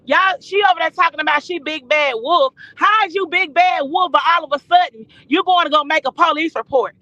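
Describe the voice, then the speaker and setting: A woman with a very high, bright, tense voice rants on a live stream, loud, cussing and confrontational, firing off words in fast bursts. She talks from inside her car over a phone. The sound is dry, muffled and lo-fi. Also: no room sound. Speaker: guest caller on a live stream. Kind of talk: heated ranting on a live stream. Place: in a car while driving.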